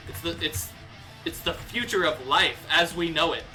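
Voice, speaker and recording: A man's voice: a little high, normal speed, bright, forceful tone. A young man from the United States livestreaming, ranting heatedly with lots of swearing and restarts, faint guitar music behind. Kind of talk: casual livestream rant.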